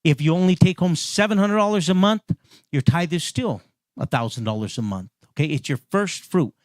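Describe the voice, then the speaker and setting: A man's voice: fairly high pitch, lively intonation, moderate pace, dry recording, studio quality. A male pastor preaching in a conversational way, restarting phrases and building to emphatic repetitions. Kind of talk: sermon.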